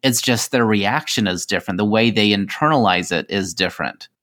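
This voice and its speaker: A man co-hosts a relationship podcast. He talks thoughtfully and at a measured pace, in a conversational manner. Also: fairly low pitch, a bit bright. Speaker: podcast co-host.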